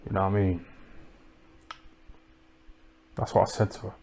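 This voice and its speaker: A low-voiced man rambles through a comic monologue. He is deadpan and crude, and he keeps tossing tag questions at his listeners. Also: rapid-fire, vocal fry, slightly rough. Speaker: comedic livestream host.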